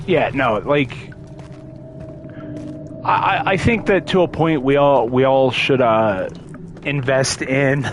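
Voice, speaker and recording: Young man, game streamer, casual rambling talk, unhurried, stumbling reads, mid-pitched voice. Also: background noise. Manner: rambling, stumbling over words, laughs often. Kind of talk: casual gameplay commentary.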